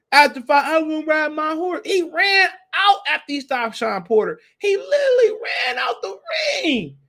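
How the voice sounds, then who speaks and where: A man hosting a podcast, ranting in a heated, profane, repetitive way. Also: high voice. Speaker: podcast host. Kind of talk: casual podcast rant.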